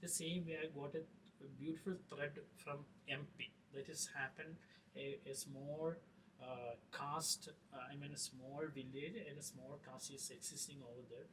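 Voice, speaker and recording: A middle-aged man, a film director talking in an interview, halting with many fillers and restarts. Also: a little high, flat delivery. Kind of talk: casual interview talk. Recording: distant mic with faint noise.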